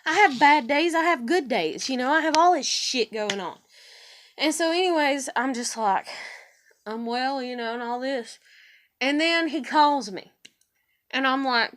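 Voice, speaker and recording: A woman's voice: high-pitched, expressive, normal speed, a bit bright. A woman vlogging a casual, irritated rant, swearing often and acting out conversations in quoted voices.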